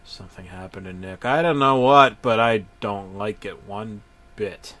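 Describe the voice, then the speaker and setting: A man narrating a parody horror story in a deadpan voice, breaking into sudden shouted outbursts and swearing. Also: lowish voice, a little slow.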